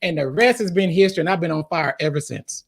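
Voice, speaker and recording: A man as a podcast guest, telling a story with excitement. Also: on the high side, quick pace. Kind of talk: podcast interview.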